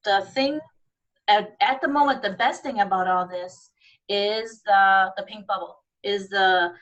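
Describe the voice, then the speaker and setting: A woman speaks hesitantly on a video call, pausing often and filling gaps with ums. Her voice sits at a middle pitch. She sounds set back from the microphone, as if she is sitting some way from her laptop. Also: fairly bright tone, recorded from a distance, muffled recording. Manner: nervous, hesitant, many fillers. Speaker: guest. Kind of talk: casual video-call chat.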